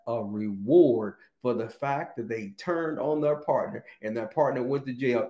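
A man's voice: mid-range voice, a little mellow. Emphatic male preacher in an echoey room. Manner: drawn-out emphatic reading of scripture, repeating phrases. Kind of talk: sermon.

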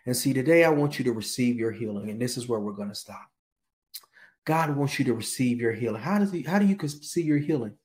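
A man's voice: mid-range voice, animated, brisk, a little mellow. A man who is a pastor, preaching a sermon with storytelling, repeated phrases and informal, folksy wording.

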